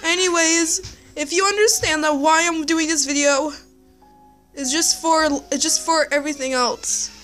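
High-voiced young girl, slow and halting. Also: fairly even intonation, fairly bright tone, soft background music. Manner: halting, sighing, restarts often. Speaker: vlogger. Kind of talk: emotional vlog to camera.

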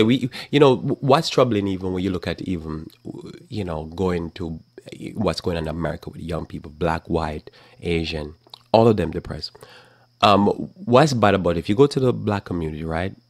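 A man's voice: lowish voice, vocal fry, no echo, clean studio sound. A middle-aged man teaching the Bible in a conversational sermon, acting out little exchanges as he preaches. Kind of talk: live talk program sermon.

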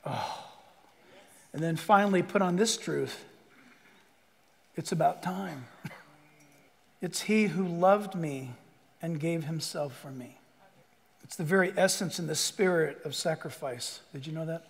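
An older man preaching a sermon, swinging between loud bursts and hushed asides and joking with the crowd. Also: on the high side, creaky, in a large hall. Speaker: pastor.

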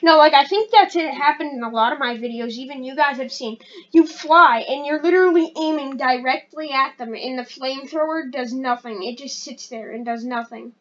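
A high-pitched woman chatters through her gameplay, rambling and excitable, often poking fun at herself. Her casual commentary comes through a dull, lo-fi mic. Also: normal speed. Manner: rambling, excitable, self-deprecating. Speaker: gaming channel host.

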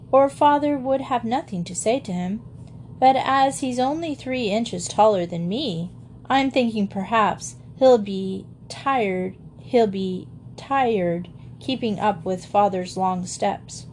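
A woman's voice: mid-range voice, darkish tone, a little hiss or hum, lightly acted. A woman voicing a spoiled, merry little rich girl who chatters eagerly in an old storybook.

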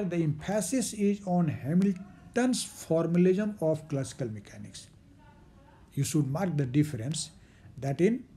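A man's voice: on the high side, mellow, husky. Man with teaching physics. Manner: repeats key terms slowly, with fillers. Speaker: physics lecturer. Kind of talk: recorded lecture.

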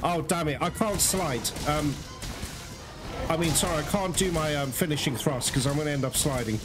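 A young man giving excitable live gameplay commentary as host, groaning, swearing and laughing at the game. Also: a little high, moderate pace. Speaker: gaming video host. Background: loud game music.

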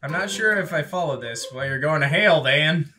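A man hosting a casual online drawing game with friends, reading prompts aloud with loud outbursts and frequent laughter. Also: on the high side, lively intonation, normal speed, soft background music. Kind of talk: casual gaming chat.

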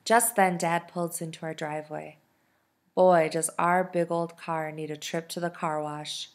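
A woman, a teacher, reading a novel aloud in soft, steady storytelling. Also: sits low, measured pace. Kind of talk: audiobook narration.

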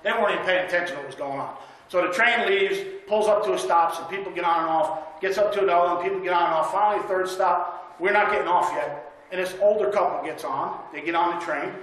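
A man's voice: high-pitched, quick pace, hardly any pauses, fairly bright tone. A man preaching a sermon to a church congregation, telling stories in a folksy, conversational way and asking for amens. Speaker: guest preacher. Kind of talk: sermon with storytelling. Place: church sanctuary. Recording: very echoey church room.

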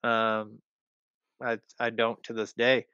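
A man's voice: mid-range voice, monotone, slow pace, pushed and bright, smooth, no room sound, muffled recording. A young man telling a personal story in casual podcast chat, rambling with lots of fillers and the odd swear word. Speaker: guest.

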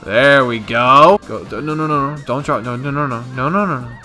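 A young man giving profane, excitable commentary over his own gameplay, talking to himself and yelling at near misses. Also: medium pitch, a little fast, faint music behind. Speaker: gaming YouTuber.

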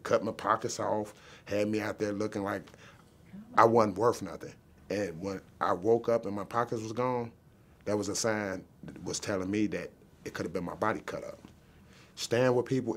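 A man's voice: low voice, a little hiss or hum. A man telling his own story in a testimonial interview, plain-spoken and earnest, asking himself rhetorical questions. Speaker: program client.

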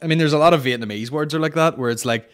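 A man hosting a comedy podcast, chatting casually, swearing freely and slipping into quick impressions. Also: fairly high pitch. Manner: sweary, mimics voices mid-story. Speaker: podcast host.

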